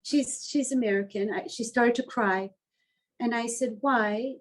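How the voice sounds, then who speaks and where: A woman's voice: a little high, fairly even intonation, measured pace, rough recording. A woman artist telling a story in an interview, speaking in a heartfelt, earnest and openly emotional way.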